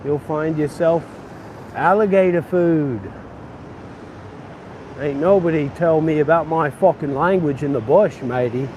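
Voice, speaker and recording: A man's voice: on the high side, measured pace, pauses often, a little mellow, natural voice, low-quality recording. A man playing a drunk, foul-mouthed, belligerent bloke who speaks, slurring and rambling out in the street. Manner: slurred, swearing, rambling threats. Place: street outdoors. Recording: outdoor street traffic noise.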